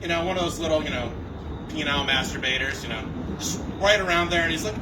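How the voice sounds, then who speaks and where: Young male stand-up comedian, self-deprecating storyteller, high-pitched, recorded from a distance in a noisy small venue. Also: fast talker, crowd noise. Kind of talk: stand-up set. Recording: distant mic with loud background noise.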